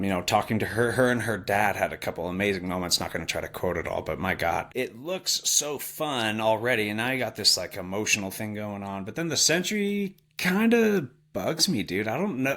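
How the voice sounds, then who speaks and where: Bright-voiced man chatting eagerly. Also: lowish voice, lively intonation, brisk. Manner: enthusiastic, uses "like" and "dude". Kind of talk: casual chat.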